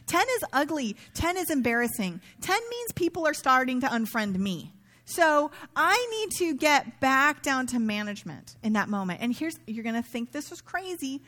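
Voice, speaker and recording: A woman's voice: high-pitched, fairly bright tone. A middle-aged woman pastor giving a sermon in a conversational, self-mocking way, acting out quoted asides.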